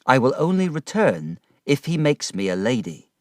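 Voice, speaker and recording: In a storybook reading, a man performs a young woman's sorrowful farewell letter, raising his pitch above his natural voice and acting it lightly. His medium-pitched delivery swings widely in pitch at a normal speed with a slightly mellow quality. The studio recording is clean with no room sound.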